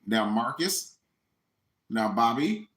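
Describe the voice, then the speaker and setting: A man imitating a calm, soothing male daytime talk-show host who speaks in a hushed, placating tone. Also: medium pitch, slow, roomy sound, pitched below the performer's own voice.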